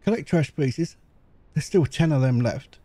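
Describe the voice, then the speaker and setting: A middle-aged man rambles through casual game commentary, giggly and chatty. His voice sits a little high for a man but has a mellow, soft tone. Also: animated, unhurried, no echo. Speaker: gaming YouTuber.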